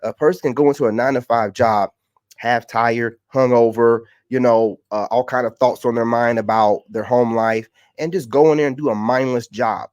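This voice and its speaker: Man, mid-pitched, fed-up vlog rant, mocking tone, dry close sound. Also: steady tone, moderate pace, darkish tone, no room sound, highs cut off. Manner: exasperated, ranting, mocking. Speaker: content creator.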